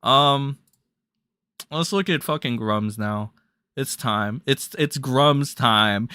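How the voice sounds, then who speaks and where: A man's voice: mid-range voice, slow pace, smooth, no echo, clean studio sound. Blunt, crude ranting male streamer. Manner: blunt, crude, ranting with sudden loud jumps. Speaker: drama commentary streamer. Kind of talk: profane livestream commentary.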